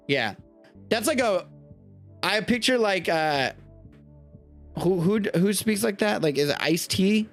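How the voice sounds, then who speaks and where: Young man from Texas, live-stream host, casual profane banter, slightly high voice, faint music underneath. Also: unhurried. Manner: profane, animated riffing.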